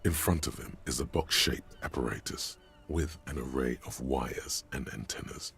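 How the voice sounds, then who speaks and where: A man's voice: normal speed, fairly bright tone, faint music behind, full character voice. A man voicing a sardonic inner narrator in a game, speaking to the player in a commanding second person. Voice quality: gravelly, very deep.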